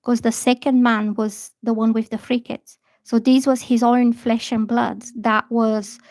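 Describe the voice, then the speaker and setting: A woman chatting bluntly on a livestream as a tarot reader, telling a story in an animated way. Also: fairly high pitch, dry recording. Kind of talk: casual livestream chat. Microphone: phone or laptop.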